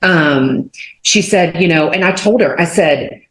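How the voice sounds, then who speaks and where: Guest, woman in her 40s from Texas, low voice, lively storyteller, recorded in a reverberant room. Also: unhurried. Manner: animated storyteller, many fillers, acts out quotes. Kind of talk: telling a personal faith testimony. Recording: roomy echo.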